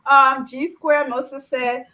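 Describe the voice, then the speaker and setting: A woman from Liberia co-hosting a casual panel chat, animated and exclamatory, often talking over the others. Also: high voice, slow pace, over a noisy crowd. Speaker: co-host.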